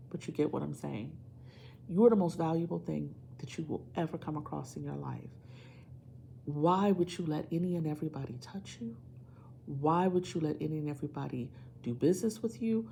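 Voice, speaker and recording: Low gravelly woman giving a tarot reading. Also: warm tone, slight background noise. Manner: emphatic, preachy, repeats phrases for stress. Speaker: tarot reader.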